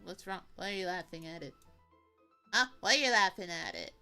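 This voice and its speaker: A woman's voice: lowish voice, lively intonation, brisk, bright, forceful tone, faint music behind. A young woman streamer chatting with her viewers in a giggly, playful way, with teasing mock pouts. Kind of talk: casual live-stream chat.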